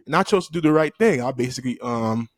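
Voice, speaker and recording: A man telling a childhood story to his audience in a loose, animated way, laughing often and jumping into the voices of the people in it. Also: mid-range voice, fast, dry recording, clean studio sound. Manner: loose and profane, addressing the audience directly. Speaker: storytime vlogger. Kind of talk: casual storytelling.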